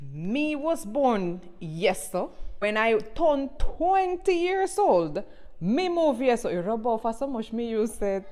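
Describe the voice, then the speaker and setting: A woman in her forties from Cuba, speaking Jamaican patois with a rolled Cuban R in an animated monologue to camera. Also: a little high. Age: 40s. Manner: animated and expressive, swings between loud and soft. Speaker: social media creator.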